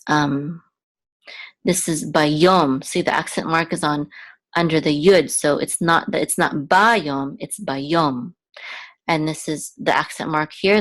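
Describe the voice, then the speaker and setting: A woman teaching how to read and chant scripture, explaining patiently with pauses and restarts. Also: deep voice. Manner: patient, hesitant, with fillers and restarts while pointing at text. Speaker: Biblical Hebrew teacher. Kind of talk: explanatory lesson with chanted examples.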